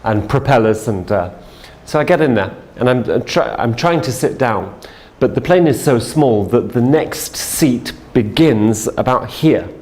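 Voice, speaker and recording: A man's voice: medium pitch, expressive, a little slow, darkish tone. A man telling a story as a sales trainer, in a chatty way with many fillers and restarts. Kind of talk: storytelling lesson.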